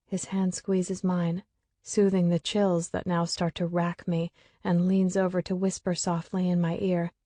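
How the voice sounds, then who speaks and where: A woman's voice: lowish voice, level tone, a little slow, dark tone, dry recording. A woman narrating a first-person audiobook with an emotional, tearful delivery.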